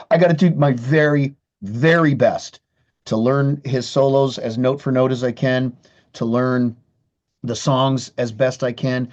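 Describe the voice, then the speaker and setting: A man's voice: mid-range voice, fairly even intonation, measured pace, a little mellow, muffled recording. A man, a guitarist guest in a casual interview, talking candidly with frequent restarts and swearing. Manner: candid, profane, many restarts.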